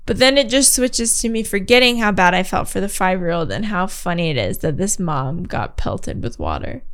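A woman co-hosting a podcast, reading a story aloud with animated, giggly asides. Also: medium pitch, normal speed. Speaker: podcast co-host.

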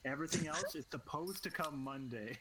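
Young male podcast co-host, slightly high voice, crude teasing banter, faint background noise. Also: a little fast. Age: young adult. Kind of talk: casual chat.

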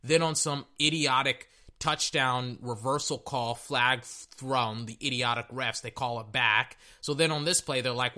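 A man's voice: medium pitch, measured pace, hardly any pauses, bright, forceful tone. A man hosting a podcast, reacting to a game in a blunt, profane, repetitive rant. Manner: blunt, profane, repeats himself. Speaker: podcast host. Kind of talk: casual sports reaction rant.

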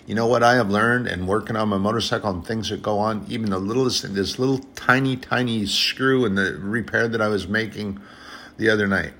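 A man's voice: lowish voice, fairly even intonation, fairly quick, a bit bright, a little hiss or hum. A man preaching an informal sermon in an earnest, conversational way, often repeating phrases and addressing brothers and sisters.

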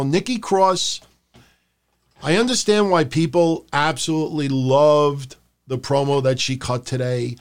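A man's voice: fairly high pitch, clear, resonant tone. A man co-hosting a podcast, chatting casually about wrestling and mocking promos in put-on voices. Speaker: podcast co-host.

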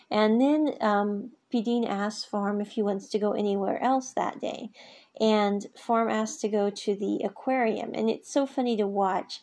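A woman casually reviewing a drama episode, retelling scenes in a chatty way with many asides, her voice a little husky. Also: mid-range voice, steady tone, normal speed, a little mellow. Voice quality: husky, gravelly.

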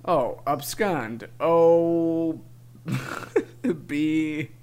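A man's voice: fairly high pitch, very slow, a little mellow, clear, resonant tone. A young man co-hosting a podcast, chatting casually through a spelling game, often laughing and exasperated. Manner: laughing, exasperated, says dude a lot. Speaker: podcast co-host.

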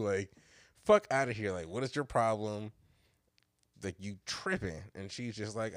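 A man's voice: on the low side, expressive, moderate pace, no room sound, clean studio sound. A man in casual chat telling a story animatedly, swearing freely, acting out what was said and laughing often.

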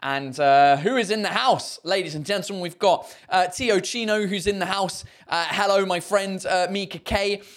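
A man's voice: high voice, moderate pace, hardly any pauses. A man hosting a live podcast from his garden shed, chatting casually and swearing freely, with plenty of fillers. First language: English. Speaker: podcast host. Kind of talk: casual live-stream chat.

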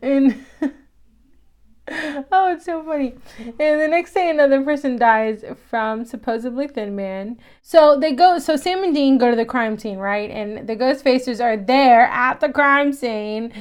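A woman casually recapping a TV episode, chatty and animated, laughing often and acting out quoted lines. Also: high-pitched, unhurried, clean tone.

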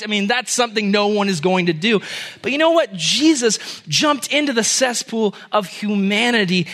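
A young man gives a relaxed, story-driven sermon in a fairly high voice. His tone is bright and forward, and he slips in and out of voices for the people in his stories before coming back to his message. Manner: animated storyteller voicing characters.

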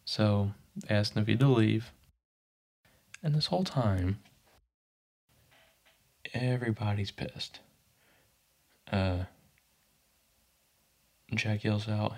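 Guy with a low gravelly voice chatting through a tv episode recap, jumps into quick voices for the quotes. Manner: animated, pops into quick character voices for quotes. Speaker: podcast host recapping a TV episode. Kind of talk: casual recap with quoted lines.

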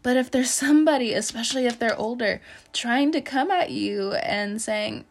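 A woman's voice: fairly high pitch, very animated, moderate pace, creaky. A young woman hosting a podcast, giving a casual, chatty tarot reading with frequent laughs and loose filler-heavy talk.

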